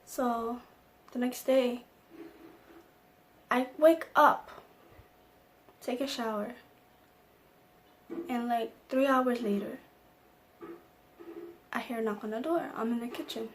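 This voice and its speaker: Young woman, vlogger, emotional storytelling, slightly high voice, faint background noise. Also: slow, long pauses. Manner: emotional personal storytelling, acting out quotes. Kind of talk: storytime vlog.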